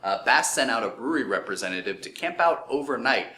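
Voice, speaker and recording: A man's voice: mid-range voice, expressive, fast talker, bright, forceful tone. A young man co-hosting a casual educational chat, explaining at length with many ums and uhs. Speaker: co-host. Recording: echoey room with faint noise.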